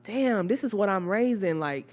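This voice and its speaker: A woman, hosting a podcast and telling stories in a blunt, profane, animated way. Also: mid-range voice, moderate pace. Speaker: podcast host. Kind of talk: candid casual chat.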